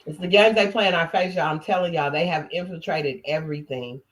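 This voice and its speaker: A woman's voice: sits low, a little fast. A woman from Colorado hosting a livestream, talking in a heated, emphatic, repetitive way like a preacher. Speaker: livestream host.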